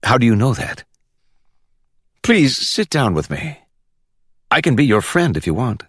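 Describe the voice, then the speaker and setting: A man's voice: medium pitch, big pitch swings, measured pace, slightly rough, dry recording, clean studio sound, pitched above the performer's own voice. A man voicing a probing, streetwise woman officer. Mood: coaxing. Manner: pressing, coaxing questions.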